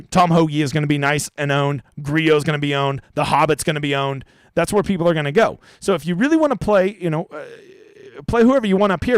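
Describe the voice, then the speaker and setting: A man's voice: high voice, no echo. A man hosting a live stream of fantasy golf picks, talking in a brash, profane, joking way. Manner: brash, profane, jokey trash talk.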